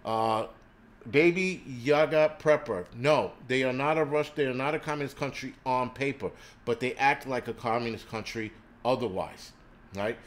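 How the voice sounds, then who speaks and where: A man's voice: mid-range voice, moderate pace. A man hosting a prepping channel, ranting on a livestream and swearing constantly in a crude, combative way. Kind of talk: profane livestream rant. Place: indoors in a city.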